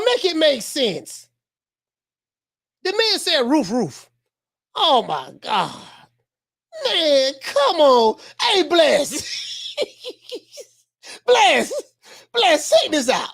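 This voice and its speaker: Lively, animated woman streamer. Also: high voice. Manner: animated, repeats phrases, laughs often. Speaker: livestream boxing commentator. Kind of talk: casual livestream commentary.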